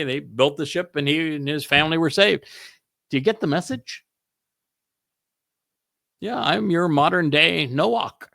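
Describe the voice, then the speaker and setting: A man with a fairly high, bright, forceful voice leads a scripture study. He preaches emphatically, drops into sarcasm and laughs often mid-sentence. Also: gravelly. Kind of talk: animated preaching commentary.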